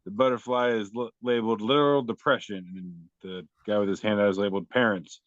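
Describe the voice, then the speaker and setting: A man's voice: fairly low pitch, steady tone, fast talker, few pauses, no echo. Laid-back man, dull, dry sound. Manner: laid-back, profane, self-deprecating. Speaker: podcast co-host. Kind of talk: casual chat presenting memes.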